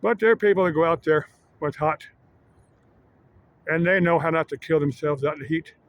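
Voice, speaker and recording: A man vlogging in a casual, rambling monologue that halts often on filler pauses. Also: fairly high pitch, muffled recording, a little hiss or hum. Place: Arizona.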